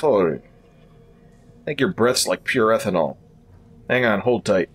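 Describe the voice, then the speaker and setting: A man's voice: fairly low pitch, animated, measured pace, husky. A man voicing a wary helmeted male warrior who talks in a dry, blunt way.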